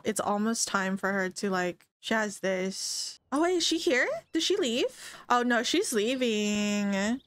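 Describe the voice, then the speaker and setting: A woman streamer gives casual, chatty commentary as she plays, reacting out loud and talking straight to her viewers. She speaks slowly in a fairly high voice. The sound is dry and close. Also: no room sound. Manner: chatty, exclamatory, talks to her chat. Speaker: game streamer.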